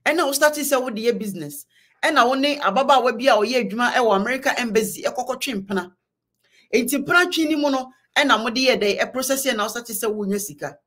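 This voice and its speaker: A woman's voice: on the high side, brisk, fairly bright tone. A woman with a Ghanaian accent hosting a live online show, giving emphatic political commentary, switching between Twi and English and repeating words for force. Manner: mixes Twi and English, greets viewers by name.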